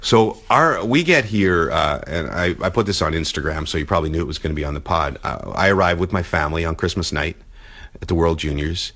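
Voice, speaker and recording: A man with a lowish but bright, forward voice hosts a loose podcast chat from a hotel suite. He keeps things playful, laughing often and throwing out hypotheticals. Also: brisk. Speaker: podcast host. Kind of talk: casual chat.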